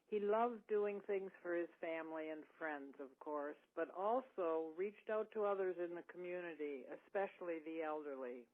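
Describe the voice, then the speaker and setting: Woman reading a tribute for a widow, gentle and even, tinny phone sound. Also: fairly low pitch, normal speed, hardly any pauses. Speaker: reader of a remembrance. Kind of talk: read memorial tribute.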